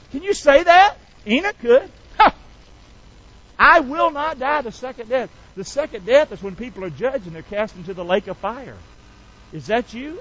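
A man's voice: sits high, pushed and bright, muffled recording. A man preaching a sermon as pastor, leading call-and-response and mixing folksy slang with quoted scripture. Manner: call-and-response preaching, asks the church to repeat lines; folksy, drops into casual slang between scripture.

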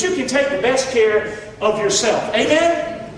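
A middle-aged male pastor preaching in a folksy, animated way, full of questions to the congregation. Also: very high-pitched, measured pace, slight background noise. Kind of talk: sermon. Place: church sanctuary. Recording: echoey hall from far off.

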